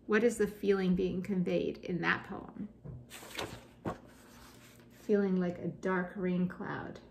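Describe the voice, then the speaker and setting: A woman teacher reading poems aloud to children, with expressive reading and gentle explanations between poems. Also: medium pitch, unhurried, creaky, pauses often, a little hiss or hum. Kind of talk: read-aloud poetry lesson.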